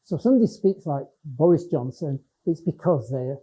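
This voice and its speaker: Giving a conversational public lecture, an older education professor from the Lake District, Cumbrian accent and all, keeps hesitating and restarting sentences. His fairly high voice is warm and husky with lively intonation and a brisk pace, heard on a dull lo-fi lecture recording.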